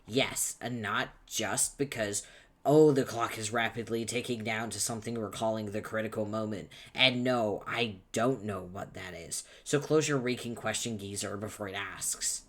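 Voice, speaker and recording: A man voicing an angry, foul-mouthed young male troll, shouting insults impatiently, reading a webcomic aloud. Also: fairly low pitch, normal speed. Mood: ranting.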